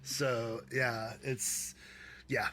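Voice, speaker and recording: A man's voice: medium pitch, little pitch movement, extremely slow, pushed and bright, slight background noise. A man guesting on a casual podcast chat, talking eagerly and tripping over his own restarts.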